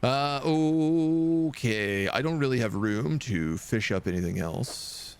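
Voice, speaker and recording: A man's voice: medium pitch, expressive, slow pace, faint music behind. A man streaming a video game, commenting casually and joking as he thinks aloud.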